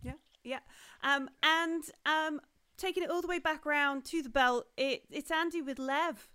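A woman's voice: high-pitched, fairly even intonation, normal speed, bright, forceful tone. A woman hosting and running a live tabletop role-playing game, chatty and full of fillers and laughs. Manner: chatty, laughing, lots of ums. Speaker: game master.

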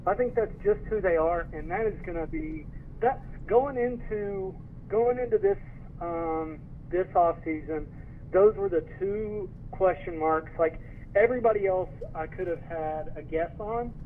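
A man's voice: high-pitched, measured pace. A man co-hosting a casual sports podcast, easygoing with dry, agreeing replies. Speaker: podcast co-host. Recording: tinny phone-like sound with faint noise.

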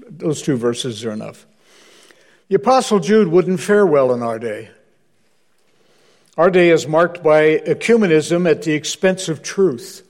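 A man's voice: a little high, darkish tone. A man preaching as a guest, telling anecdotes with humor and driving home his points with emphasis. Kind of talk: sermon.

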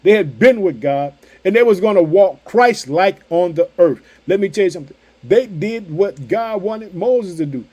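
A man preaching with fervor, his voice sitting high for a man. He hammers home repeated catchphrases and jumps from booming declarations to quiet, intimate asides. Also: animated, moderate pace, few pauses, muffled recording. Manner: emphatic, repeats catchphrases, swings between loud outbursts and hushed asides. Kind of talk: sermon.

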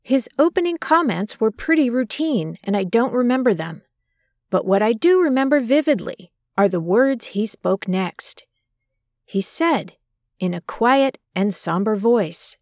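A woman with a slightly high voice narrates a scripted podcast from a close microphone. She is measured and emphatic, and the sound is dry with no room echo. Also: animated. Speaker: podcast host. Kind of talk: scripted narration of a personal story and biblical commentary.

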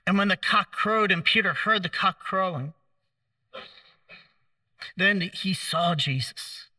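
A man preaching a sermon, telling the story in a conversational way, acting out the quoted lines with gentle humor. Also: high-pitched, slow pace, no room sound, far from the mic.

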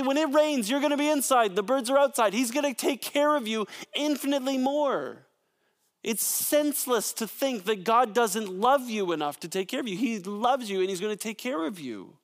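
A man preaching a sermon in an animated, conversational way, with frequent asides to his listeners. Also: high voice. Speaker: pastor. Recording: long hall reverb.

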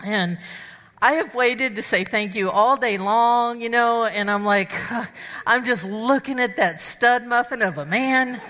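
A woman with a fairly high, bright voice tells a humorous personal story to a crowd of women. She is animated and acts out the dialogue and sound effects as she goes. Her voice carries a long reverb from a large hall. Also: unhurried. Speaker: speaker addressing an audience of women.

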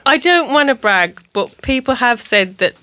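A woman's voice: on the high side, expressive, normal speed, pushed and bright, clean tone, dry recording, clean studio sound. A woman co-hosting a casual podcast, talking in a playful, jokey way and laughing easily. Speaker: co-host and key holder. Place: small studio.

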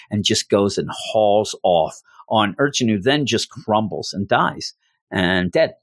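A man's voice: lowish voice, normal speed, no echo, studio quality. Rambling man reviewing comics. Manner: rambling, self-interrupting, enthusiastic. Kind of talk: casual review.

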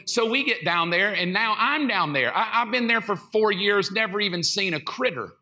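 A middle-aged male pastor telling funny stories in a sermon, animated and acting out quotes. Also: high-pitched, moderate pace, few pauses. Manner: animated, jokey, acts out quotes. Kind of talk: comedic sermon storytelling.

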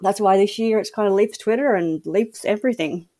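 A woman's voice: mid-range voice, a little fast, mellow. A woman from New South Wales with an Australian accent, a chatty, self-deprecating guest on a casual podcast who laughs easily.

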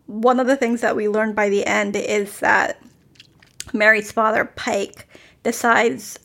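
A woman's voice: mid-range voice, creaky, a bit bright. A woman co-hosting a podcast, chatting casually about a TV series and filling her talk with "like". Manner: chatty, many "like" fillers, quick laughs. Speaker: podcast co-host. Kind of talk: casual critical chat.

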